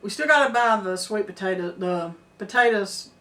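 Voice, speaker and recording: An older homesteading woman, talking earnestly and with emphasis, quick to laugh. Her voice is mid-pitched and picked up from a little way off the mic. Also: expressive, bright, forceful tone. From Middle Tennessee. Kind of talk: casual chat. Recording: distant mic.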